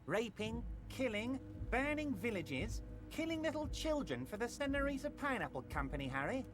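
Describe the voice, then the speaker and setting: An actor voicing a smooth, ingratiating older male union boss in a video game, played over music. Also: extremely high pitch, very animated, normal speed. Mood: schmoozing. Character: scheming jovial old male union boss.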